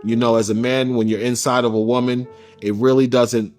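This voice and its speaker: A man giving an interview, recounting a personal story in a candid, casual way with slang, getting animated when he quotes others. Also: mid-range voice, fairly quick, faint music behind.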